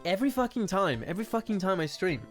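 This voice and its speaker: Casting: nasal, stuffy male streamer, lively pitch, casual and profane. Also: fast talker, faint music behind. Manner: swearing, laughing, jumps into loud shouted lines. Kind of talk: casual game commentary and voice acting.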